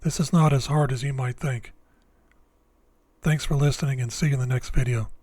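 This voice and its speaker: Man, scripted lesson narration, measured and deliberate, mid-pitched voice, dry close sound. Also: fairly even intonation, a little mellow, no echo. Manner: slow, deliberate, measured explanations. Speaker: Bible language teacher.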